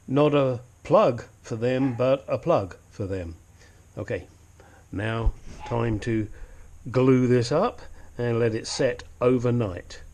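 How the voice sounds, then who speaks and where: A DIY car repair vlogger gives a casual, hands-on tutorial in his home workshop, chatting and cracking jokes as he works. His voice is lowish and darkish in tone, with slight background noise.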